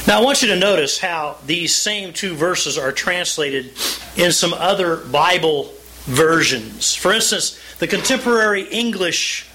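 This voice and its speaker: Male pastor for a sermon: high voice, deliberate delivery that leans on key words while reading scripture. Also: animated, pushed and bright, slight background noise, rough recording. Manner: deliberate, with emphatic slowed phrases; reads scripture aloud and invites the congregation to read along.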